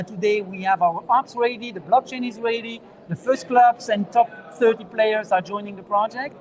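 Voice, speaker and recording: A man with a French accent answering interview questions as a founder, earnest and halting with fillers. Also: sits high, low-quality recording. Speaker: startup founder, guest. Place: conference venue.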